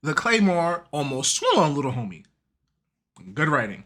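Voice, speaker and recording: A man hosting a casual manga and game recap, talking in an animated, slangy way and laughing often. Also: on the high side, normal speed. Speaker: YouTube host.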